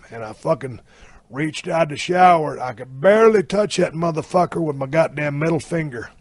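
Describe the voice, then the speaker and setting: A man's voice: a little high, moderate pace, no echo. A man in his fifties telling a story in a blunt, heavily profane, drawling way. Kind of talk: casual anecdote telling.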